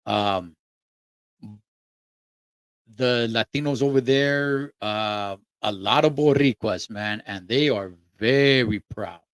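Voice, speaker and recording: A man's voice: mid-range voice, slow, pauses often, clear, resonant tone, no room sound. Laid-back trucker man. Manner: laid-back and slangy, with lots of fillers. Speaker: trucker vlogger. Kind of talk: casual monologue.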